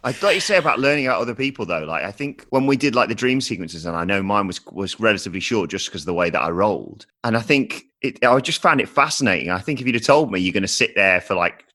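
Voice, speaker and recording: A man's voice: on the low side, expressive, fast talker, hardly any pauses, pushed and bright. A man playing on a tabletop podcast, chatting casually, enthusiastic and rambling.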